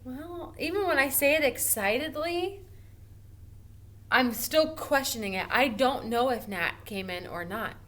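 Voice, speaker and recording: A woman teacher walks young children through a grammar lesson at a leisurely pace. Her voice is bright and fairly high, and she stretches out her example sentences with expressive, encouraging emphasis. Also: unhurried. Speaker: first grade teacher. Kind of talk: recorded online grammar lesson. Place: home or classroom at a smartboard.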